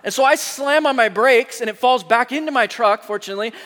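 A man preaching a sermon as a pastor, telling lively stories and rising to shouts. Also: very high-pitched, brisk, big-room sound.

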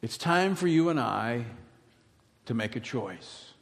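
A middle-aged pastor from Louisiana, preaching emphatically and swinging from loud declarations to hushed words. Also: male voice, medium pitch, animated, slow, vocal fry. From Louisiana, USA. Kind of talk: sermon. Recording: reverberant hall.

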